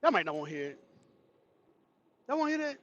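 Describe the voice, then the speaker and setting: A man's voice: a little high, fast, lo-fi sound. A man hosting a livestream, casually telling a funny childhood story to his chat with laughter and cursing. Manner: animated, laughing, profane storyteller. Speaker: livestream host.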